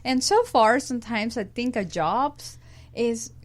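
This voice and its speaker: A woman guest in a casual podcast chat, speaking haltingly with loose grammar and many fillers. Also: fairly high pitch, lively intonation. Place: around a table with others.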